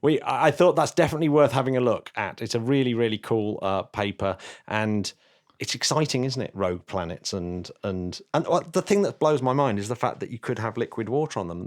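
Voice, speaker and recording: A man's voice: mid-range voice, animated, a little fast, darkish tone. A man hosting a podcast in casual chat, rambling with many restarts and fillers. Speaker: podcast host.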